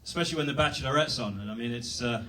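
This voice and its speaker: A man's voice: mid-range voice, rapid-fire, pushed and bright, recorded from a distance, slight background noise. A young British man doing a rambling, self-deprecating stand-up set at a comedy club. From Britain.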